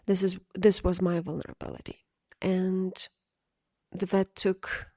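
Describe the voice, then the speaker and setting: A woman podcast host telling a personal story in a halting, emotional way, with many pauses and fillers. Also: lowish voice, a little mellow, no room sound, clean studio sound.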